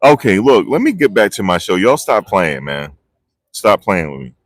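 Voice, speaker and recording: A man vlogging live outdoors, talking in a rambling, excitable way and losing his train of thought. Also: lowish voice, moderate pace, no echo. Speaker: vlogger reporting on a trial. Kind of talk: live casual street commentary. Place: outdoors outside a courthouse. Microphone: phone on a handheld gimbal.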